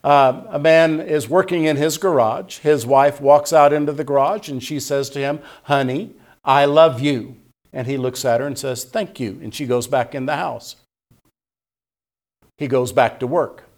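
A man's voice: mid-range voice, fairly even intonation, normal speed. A pastor preaching an earnest sermon to his congregation, leaning on repeated words and reading scripture aloud.

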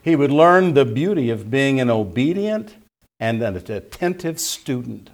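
A man's voice: mid-range voice, very animated, a little slow. A man preaching a sermon. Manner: teaching, repeats key points, reads scripture aloud. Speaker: pastor.

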